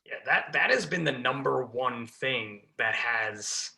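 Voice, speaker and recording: A man's voice: medium pitch, animated, takes it slowly, creaky, sharp tone. A man, a fire lieutenant, talking casually as a podcast guest, full of fillers and restarts. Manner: chatty, many fillers and restarts.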